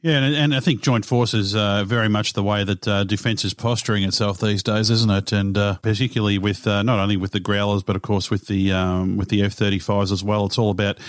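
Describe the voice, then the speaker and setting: A man's voice: lowish voice, steady tone, a little fast, few pauses, no echo, studio quality. A man, a podcast co-host, bantering in a jokey, teasing way. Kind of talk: casual banter.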